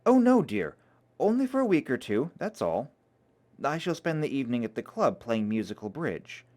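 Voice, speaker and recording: A man's voice: medium pitch, very animated, moderate pace, darkish tone. A man reading aloud, voicing a fussy, disapproving young woman who scolds her friend. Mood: scolding.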